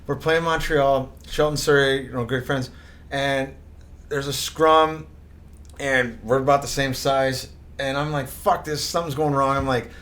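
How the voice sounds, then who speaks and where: A man's voice: medium pitch, steady tone, measured pace, fairly bright tone. A middle-aged man, a former hockey player, trading funny stories in a casual chat and laughing often. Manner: chatty, laughs a lot, quotes people.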